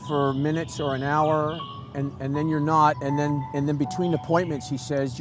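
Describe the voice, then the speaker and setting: A man speaking as a guest, telling a personal story in an earnest, halting way with many restarts, moved and emotional. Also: fairly high pitch. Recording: music playing under the voice.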